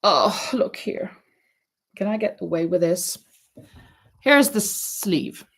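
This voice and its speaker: This livestream host has a husky, mid-range voice, animated yet unhurried. She knits and chats casually with viewers, addressing them directly while rambling, hesitating, and restarting her sentences.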